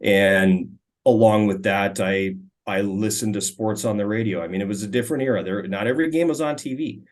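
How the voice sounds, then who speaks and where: In a relaxed, casual interview, a Minnesota man in his forties, a former hockey player and radio color commentator, tells old stories at a fairly quick clip. His voice sits fairly low, and he often stammers over his first words and starts again, chatting like he's having tea.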